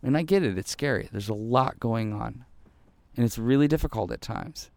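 An earnest man preaching a devotional sermon at a medium pitch. He repeats phrases for emphasis and drops to a hushed voice when he quotes a prayer. The sound is dry and close, with no room echo. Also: normal speed, vocal fry. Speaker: pastor.

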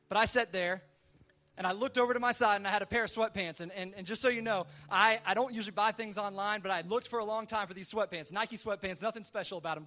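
Brisk bright-voiced male pastor. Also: high voice. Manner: animated, acts out his own and others' quoted lines; conversational, many restarts. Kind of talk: sermon storytelling.

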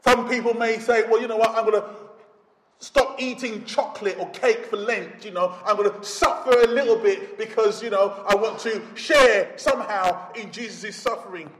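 Man preaching, bright sharp voice, big swings loud to soft, long church echo. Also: high voice, normal speed, a little hiss or hum. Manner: dramatic, rising to shouts and dropping to near whispers. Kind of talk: sermon. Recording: echoey church hall.

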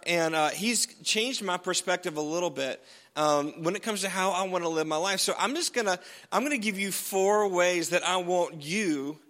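A man's voice: high voice, sharp tone, long reverb tail. A man preaching a sermon as pastor, chatty and jokey, often restarting his sentences.

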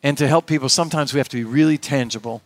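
A man's voice: medium pitch, very fast. A middle-aged male pastor preaching a sermon in an earnest, conversational way, often quoting dialogue.

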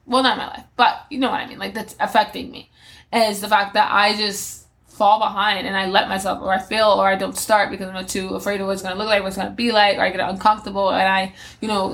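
A woman in her twenties with a medium-pitched, gravelly, slightly bright voice hosts a solo podcast. In a reflective monologue, she talks candidly and rambles through her plans, with many fillers and restarts.

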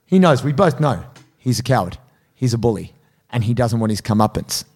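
A man co-hosting a podcast, telling a story in casual chat and acting out quotes in a higher voice. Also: fairly quick, slightly rough. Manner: animated, acts out quotes in high voices. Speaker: podcast co-host.

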